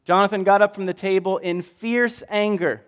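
A man preaching a lively, jokey story sermon, swinging between loud bursts and hushed asides. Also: high-pitched, normal speed, clean tone, big-room sound. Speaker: pastor.

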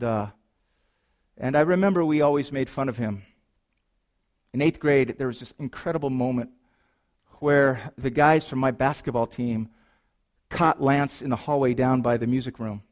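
A middle-aged man preaching a sermon from a church pulpit. His voice sits at an ordinary middle pitch. He swings from animated storytelling to soft, earnest reflection. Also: moderate pace. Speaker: pastor. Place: church sanctuary.

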